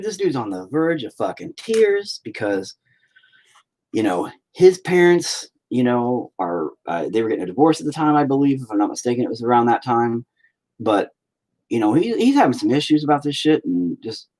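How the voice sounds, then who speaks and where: Husky, profane man telling rambling stories. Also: mid-range voice, darkish tone. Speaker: live-stream painter. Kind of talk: rambling casual storytelling.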